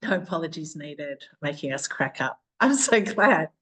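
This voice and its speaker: A bubbly Australian woman runs a live online training session as a business coach. She talks in a chatty, warm-hearted run and breaks into laughter often. Her voice comes through a video call. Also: low voice, animated, normal speed, breathy edge, low-quality recording.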